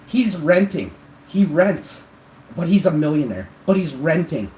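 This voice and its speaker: A man in his forties delivers an exasperated, scornful rant straight to his viewers, his voice sitting a little high. The room rings with a noticeable echo. A faint hum runs underneath. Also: big pitch swings, a little slow, warm tone. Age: 40s. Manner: exasperated, scornful, calling someone out. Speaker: streamer. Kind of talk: ranting monologue to viewers.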